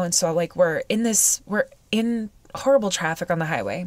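Halting, emotional woman telling a story. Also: on the low side, dry recording. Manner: halting, emotional, many fillers and restarts. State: weepy. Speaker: podcast host. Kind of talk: personal storytelling podcast.

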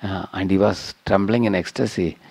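A man's voice: low-pitched, steady tone, normal speed, vocal fry, a little mellow, no room sound. A man giving a devotional scripture lecture, telling a story and checking in with listeners with "huh?" and "hmm?".

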